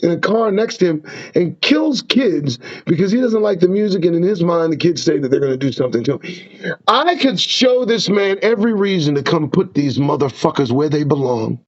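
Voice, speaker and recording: A male show host with a voice on the high side rants passionately at a moderate pace, swearing and preaching warnings on his own show. His delivery is profane and preachy, with lively ups and downs. The sound is dull and lo-fi.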